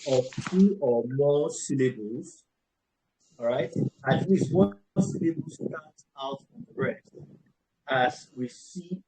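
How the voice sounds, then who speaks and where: A man teaching an online English lesson on word stress, slowly repeating words and checking in with "all right". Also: medium pitch, a little mellow, slightly rough, low-quality recording. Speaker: English tutor.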